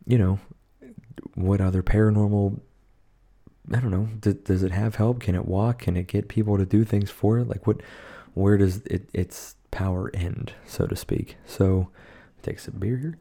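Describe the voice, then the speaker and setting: Gravelly deep-voiced man rambling a movie recap. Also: steady tone, moderate pace, warm tone. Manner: rambling, profane, lots of fillers. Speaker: podcast co-host.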